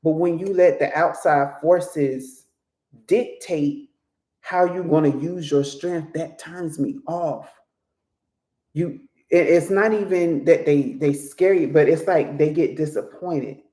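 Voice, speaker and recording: A tarot reader talks through a casual card reading in a chatty, laughing way, now and then acting out little voices. The pitch sits in an ordinary middle range. The room has a noticeable echo. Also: slow pace, warm tone. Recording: roomy echo.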